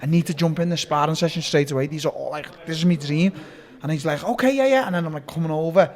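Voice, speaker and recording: In a fairly high-pitched voice, a man who is a fighter tells stories as a guest in a relaxed sit-down interview. He talks fast and animatedly, with plenty of swearing and restarts.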